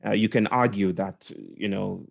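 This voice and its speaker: A man's voice: lowish voice, steady tone, moderate pace, gravelly, lo-fi sound. A man leading a session, telling a reflective story with repeated words, laughs and asides. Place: indoors.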